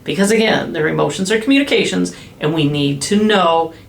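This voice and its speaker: Gravelly-voiced woman giving child-care advice. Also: fairly low pitch, slight background noise. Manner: gentle, slows down to model soothing phrases. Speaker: behavioral health specialist. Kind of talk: podcast interview. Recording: echoey room with faint ambience.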